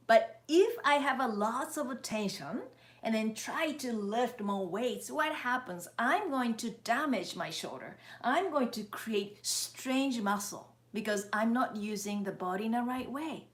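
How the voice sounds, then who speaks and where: A woman leads a live-streamed face exercise lesson in a fairly high voice. She coaches viewers through each step and often checks in with them. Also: sing-song. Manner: demonstrates and counts out steps slowly. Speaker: face yoga instructor.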